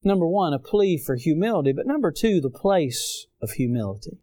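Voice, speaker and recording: A man preaching a sermon, rising loud on key phrases and dropping low for stories. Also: sing-song, a little fast. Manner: impassioned, swells loud on key phrases then drops low.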